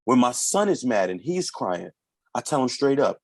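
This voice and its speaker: A man in his thirties, a podcast guest, talking through parenting stories in a lively, conversational way and now and then acting out his children's voices. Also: medium pitch, moderate pace, gravelly, no room sound. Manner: animated storytelling, acts out his kids' voices.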